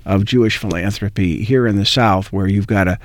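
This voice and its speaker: A man's voice: on the low side, brisk, no echo. Rambling male interview host. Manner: rambling with many fillers and restarts. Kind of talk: conversational interview.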